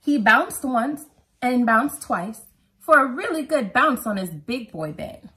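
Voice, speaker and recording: Woman reading aloud to kids, picture book, expressive, high voice, lively swoops. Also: slow. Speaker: mother reading to children.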